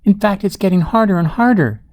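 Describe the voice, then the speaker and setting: A man's voice: high-pitched, expressive, fairly quick, darkish tone, voice pushed up. A man voicing a small male pig who loves mud, given to squealing, fussy exclamations.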